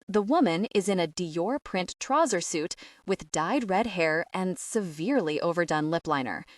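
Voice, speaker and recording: A woman narrating a first-person audiobook in a lively, expressive way. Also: lowish voice, normal speed, dry recording, clean studio sound, distant mic.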